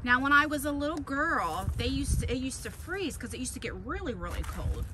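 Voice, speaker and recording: A woman's voice: sits high, sing-song, fairly quick. A woman chatting casually in a vlog, first in a car and then on a walk by a lake, recorded on a phone, rambling and laughing at herself. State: out of breath while walking. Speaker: vlogger. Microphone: phone camera, then selfie stick. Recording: noisy car and outdoor recording.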